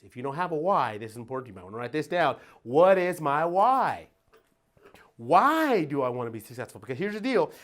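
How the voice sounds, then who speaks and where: A middle-aged man from Detroit gives a motivational talk at a workplace event. His voice rises and falls in a lively, animated way. He is emphatic and folksy, and he laughs as he keeps asking the room "right?". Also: mid-range voice. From Detroit, USA. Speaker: motivational speaker.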